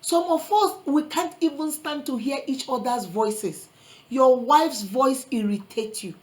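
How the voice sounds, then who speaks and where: A woman's voice: sits high, measured pace, rough recording. A woman vlogger giving earnest relationship advice in a preachy motivational talk, quoting scripture and calling listeners sister and brother. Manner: quotes scripture.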